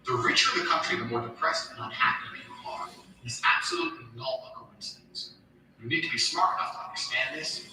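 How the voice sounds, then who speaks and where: A man's voice: fairly high pitch, pushed and bright. A man ranting bluntly in a profane, emphatic monologue. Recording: echoey, distant, music behind.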